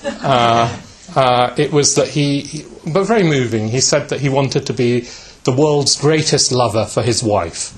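Gentle man telling a reflective story. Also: medium pitch. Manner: gentle, unhurried storytelling with many uh fillers and repeated yeah. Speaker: speaker giving a talk. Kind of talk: reflective spiritual talk, retelling a story.

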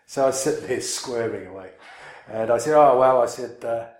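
A man with a medium-pitched, slightly mellow voice talks at a fairly quick clip. He rambles through a personal story for his listeners, mocking himself and filling it with fillers and restarts, in a casual storytelling style recorded in an echoey room.

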